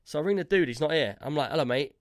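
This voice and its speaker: A man spins a long, rambling anecdote for his podcast co-hosts, peppering it with "yeah?" and "like". His voice sits a touch high for a man. The sound is dry and close, with no room around it. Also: animated, very fast, dry recording. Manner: rambling, tags lines with "yeah?" and "like". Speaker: podcast co-host. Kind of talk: casual storytelling chat.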